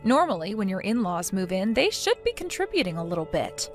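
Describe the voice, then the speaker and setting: A woman voicing a defiant daughter-in-law in a text-message story, sarcastic and mocking, with soft music behind. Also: medium pitch, very animated, brisk. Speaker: narrator of the story.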